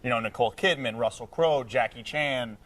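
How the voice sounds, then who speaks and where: A man's voice: medium pitch, distant mic, a loud crowd. A man hosting a TV talk show, joking his way through an interview with a guest. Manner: quick, joking, animated. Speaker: TV show host.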